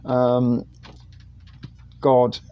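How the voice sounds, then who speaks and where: A man's voice: mid-range voice, monotone, drawn-out words, clean tone, muffled recording. A man hosting a live stream, telling a long anecdote in casual chat with a rambling, self-deprecating manner and many fillers.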